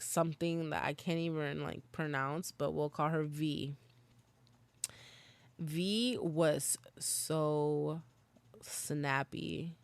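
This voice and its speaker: Young female podcast host; smooth, resonant voice; casual, profane, confessional storytelling. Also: low voice, no room sound. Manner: casual slangy, swears, laughs while recounting. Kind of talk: candid storytelling monologue.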